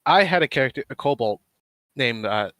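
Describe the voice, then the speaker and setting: A man's voice: mid-range voice, animated, normal speed, fairly bright tone, no room sound. A man hosting a casual stream, telling a rambling gaming story with many fillers. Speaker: stream host.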